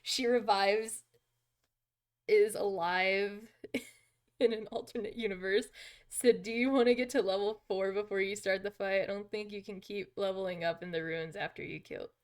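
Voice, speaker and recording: A woman's voice: mid-range voice, fairly even intonation, moderate pace. Emotional, exclaiming woman streaming a game. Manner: emotional, exclaiming, swears freely.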